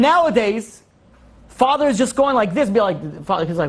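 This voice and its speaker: A man teaching a Torah class as a rabbi, animated and full of rhetorical questions and joking asides. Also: high-pitched, moderate pace.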